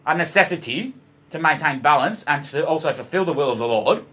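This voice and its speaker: "Boys" is a frequent call from this Australian man as he rambles on camera for his vlog, cussing constantly and toying with words about emotion and love. He sounds a little high, animated, a bit bright, and slightly fast.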